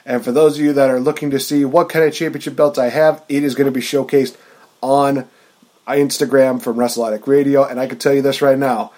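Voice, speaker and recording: A man's voice: mid-range voice, brisk, darkish tone. Hyped-up male podcast host. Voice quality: hype, announcer-like delivery. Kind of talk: casual podcast chat.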